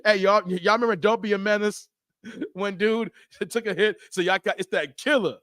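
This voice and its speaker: A man with a fairly high voice hosts a casual live stream. He jokes with his chat in a loose, rambling way and laughs often. The sound is dry and close. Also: steady tone, moderate pace, fairly bright tone, no room sound. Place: Las Vegas.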